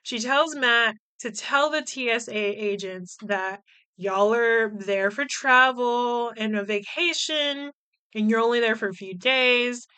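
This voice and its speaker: A woman hosting a casual podcast, chatting in an animated way with frequent laughs and fillers. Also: fairly high pitch, measured pace, smooth. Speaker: podcast host. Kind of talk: casual podcast chat recapping a film.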